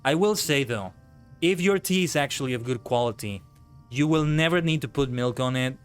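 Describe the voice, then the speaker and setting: A man chatting on a live gaming stream who breaks into animated, swearing rants. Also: medium pitch, normal speed, clean tone, faint music behind. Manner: ranting, swears freely, animated outbursts. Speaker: VTuber streamer. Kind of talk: casual live-stream chat while gaming.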